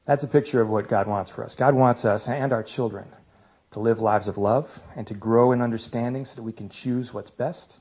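A man's voice: medium pitch, steady tone, brisk. A man in his thirties speaking to a church congregation about parenting, in a conversational way with self-mocking humor. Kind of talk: church talk. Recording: slightly dull lo-fi sound.

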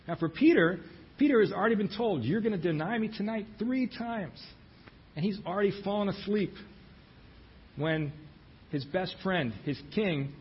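A man's voice: sits high, slightly rough, dull audio. A man preaching a sermon, retelling scripture in a storytelling manner and giving the quoted lines their own voices.

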